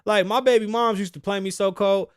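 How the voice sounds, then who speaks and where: A man's voice: high voice, steady tone, brisk, clear, resonant tone, no echo, clean studio sound. A man in his thirties from the United States, hosting a podcast with a brash, profane, opinionated solo rant. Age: 30s. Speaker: podcast host.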